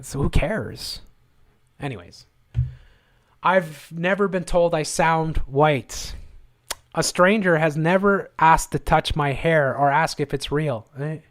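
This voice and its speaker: A man rants through a live commentary stream, angry and sarcastic, and he circles back to the same phrases again and again. His voice sits a little high for a man. It is picked up on a close, dry mic with almost no room sound. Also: takes it slowly, fairly bright tone, dry recording. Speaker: livestream host.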